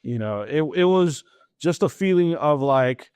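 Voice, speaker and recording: Speaking a little slowly in a fairly high, clear and resonant voice, a man in his thirties guests on a podcast. He tells his story casually and animatedly, laughing a lot and performing the conversations. The recording is dry.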